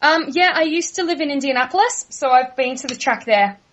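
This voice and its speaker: A woman's voice: sits high, expressive, fairly quick, a bit bright, muffled recording. A young woman from Australia with an Australian accent, answering interview questions casually and in a friendly way, laughing easily. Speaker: guest.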